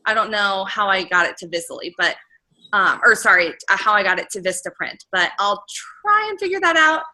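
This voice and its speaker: A woman's voice: medium pitch, expressive, a little fast, bright, forceful tone, poor audio. A woman sharing tips in a casual video call, rambling and correcting herself as she goes. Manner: rambling, trails off, self-corrects. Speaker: book sales consultant.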